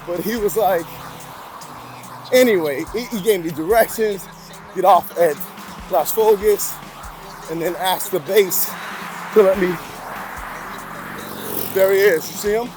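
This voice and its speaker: A man's voice: sits high, measured pace, pauses often. A man running a long charity run, talking casually and earnestly to his camera over background music. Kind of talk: casual vlog talk.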